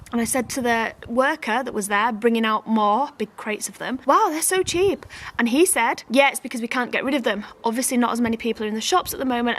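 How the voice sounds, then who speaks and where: A woman's voice: fairly high pitch, fairly bright tone. A woman, talking to camera in a casual vlog, exasperated and emphatic, laughing between points. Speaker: family vlogger.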